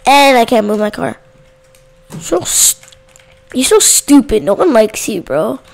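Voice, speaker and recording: Slow-talking woman with a gravelly voice. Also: fairly high pitch, expressive. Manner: chatty, talks to viewers and yells at game characters. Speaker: gaming channel host. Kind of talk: casual let's-play commentary.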